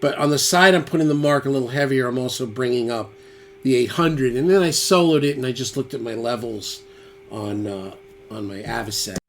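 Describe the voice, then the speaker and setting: Talking a little fast in a medium-pitched voice, a guitarist demonstrates gear in an easygoing studio demo. The background is noisy, with loud electric guitar playback, and he trails off as he thinks aloud and fiddles with settings.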